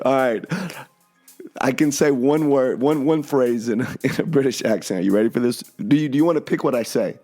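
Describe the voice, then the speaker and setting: A man's voice: mid-range voice, normal speed, warm tone. A man hosting a casual family podcast, rambling and easygoing. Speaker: podcast host. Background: faint music.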